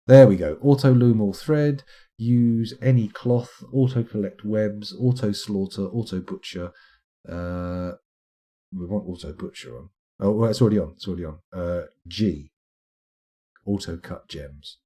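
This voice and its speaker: A middle-aged British man talks through his game live on stream, rambling and poking fun at himself as he goes. His voice sits a little low, with a dark, mellow and slightly husky tone. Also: measured pace. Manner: rambling, self-deprecating, chatty.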